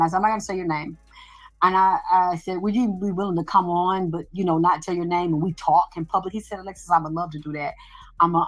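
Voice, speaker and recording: A woman's voice: on the low side, low-quality recording. A middle-aged woman hosting a casual show, talking bluntly and profanely as she tells a story and acts out both sides of a conversation. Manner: blunt, profane, animated storytelling with quoted exchanges. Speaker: show host. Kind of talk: casual monologue.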